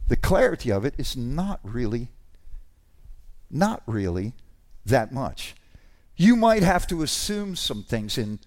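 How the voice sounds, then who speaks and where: A man preaching a sermon, animated and informal, with asides and restarts, rising to shouts on key lines. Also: medium pitch. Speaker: pastor.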